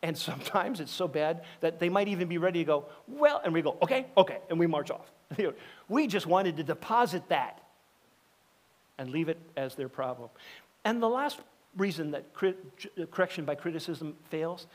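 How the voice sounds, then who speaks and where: A man's voice: fairly high pitch, moderate pace. A middle-aged man preaching a sermon as a pastor, talking conversationally and acting out the voices of people in his stories. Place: church sanctuary.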